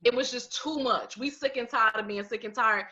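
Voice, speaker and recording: A woman co-hosting a podcast, blunt and sarcastic, with a bright, forceful edge to her voice. She sits a little high in her range. The audio is dull and lo-fi. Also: normal speed. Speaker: podcast co-host. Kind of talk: casual podcast chat.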